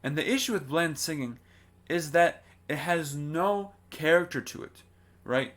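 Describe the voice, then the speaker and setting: A man's voice: fairly high pitch, animated, a little slow, fairly bright tone. A man giving a singing lesson, explaining in a plain way and often checking in with rhetorical questions. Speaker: singing teacher. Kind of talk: vocal lesson to camera.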